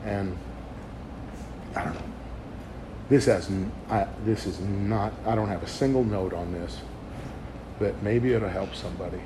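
A man in his forties, a youth speaker, gives a candid testimony sermon to young people in a lowish voice at a measured pace. He rambles, leaves long pauses, and keeps stopping to restart sentences. Steady background noise runs under the recording.

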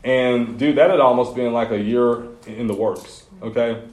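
A man's voice: mid-range voice, fairly even intonation, moderate pace, darkish tone. A man preaching to a youth group, casual and conversational, telling personal stories with slangy asides. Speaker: youth pastor. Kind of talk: sermon. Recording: echoey room.

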